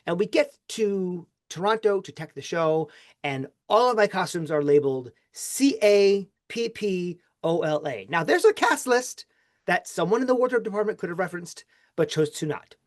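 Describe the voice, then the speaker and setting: A man hosting a podcast who tells a long personal story in a casual, animated way, with his pitch swinging widely. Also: moderate pace. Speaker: podcast host. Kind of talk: casual interview chat.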